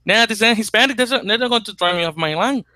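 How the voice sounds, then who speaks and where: A man's voice: high voice, animated, fast, bright, forceful tone, pitched above the performer's own voice, heavily acted. A man doing a clumsy fake Irish accent as a stubborn Irish man from the neighborhood. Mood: defiant.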